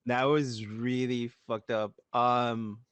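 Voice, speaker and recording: A man co-hosting a podcast, chatting in a laid-back, halting way with casual swearing. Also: mid-range voice, level tone, fairly bright tone, clean tone, no echo. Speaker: podcast co-host. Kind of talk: casual recap chat.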